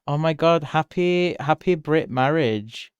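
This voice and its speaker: A man chatting casually with viewers while he draws on a live stream, giggling often, swearing freely and jumping to high squeals when excited. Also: unhurried, dull audio. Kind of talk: casual chat while drawing.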